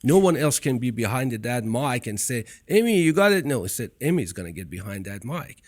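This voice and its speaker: A man's voice: mid-range voice, expressive, brisk, a little mellow. A man with a foreign accent hosting a podcast, talking in an earnest way, repeating himself as he tells stories. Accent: foreign accent in English. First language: not English. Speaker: podcast host. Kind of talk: casual interview chat.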